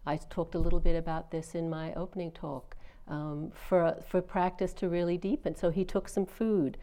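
A middle-aged woman, a meditation teacher, giving a dharma talk in a gently conversational storytelling way, with fillers and restarts. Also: lowish voice, fairly even intonation, normal speed. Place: meditation retreat hall.

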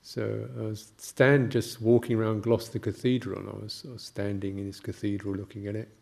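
An older man, a Buddhist monk, giving a gentle, halting reflective talk with anecdotes and soft laughs. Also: fairly low pitch, completely flat delivery, creaky.

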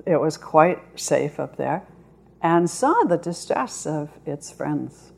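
A woman meditation teacher gives a dharma talk to sitting students. Her voice is low, and her delivery is slow and measured, with long pauses between phrases. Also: darkish tone.

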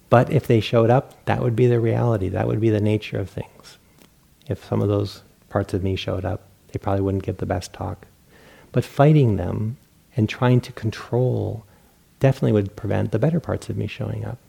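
Middle-aged meditation teacher guy, gravelly husky voice, laid back and self-mocking. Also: medium pitch. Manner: relaxed, self-mocking, acts out inner voices. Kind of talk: dharma talk.

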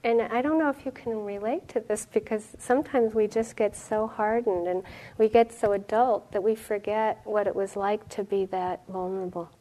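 A middle-aged woman giving a dharma talk as a meditation teacher, reflective and storytelling, with soft pauses. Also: medium pitch, steady tone, low-quality recording.

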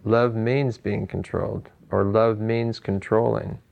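A man with a low voice gives an informal dharma talk on meditation. He thinks aloud in a loose, musing way, chuckling often and leaning on "you know" between points. His delivery is unhurried and conversational. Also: flat delivery, vocal fry, darkish tone. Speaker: meditation teacher.

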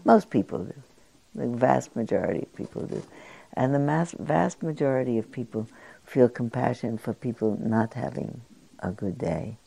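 An older woman gives a dharma talk in a very low, gravelly voice with a mellow, dark tone. She muses gently, pausing often and searching for words. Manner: gentle, musing, with frequent pauses and fillers. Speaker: meditation teacher.

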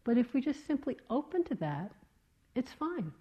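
A woman meditation teacher giving a dharma talk in a gentle, reflective way, with many soft fillers. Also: sits high, very animated, moderate pace. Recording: slightly dull lo-fi talk recording.

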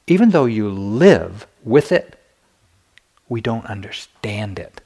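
A man's voice: fairly low pitch, very animated, slow pace, dark tone, slightly rough. An older man giving a meditation dharma talk, telling personal stories candidly with self-deprecating humor. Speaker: meditation teacher.

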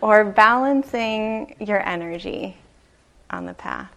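A woman meditation teacher giving a dharma talk, telling a story slowly and gently, with soft pauses. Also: medium pitch, wildly swooping pitch. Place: retreat meditation hall.

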